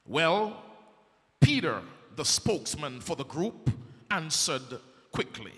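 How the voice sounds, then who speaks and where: Man preaching slow and dramatic, builds up to shouting, long church echo. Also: a little high, sing-song. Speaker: evangelist preacher. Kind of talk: sermon. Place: church sanctuary. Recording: echoey church hall.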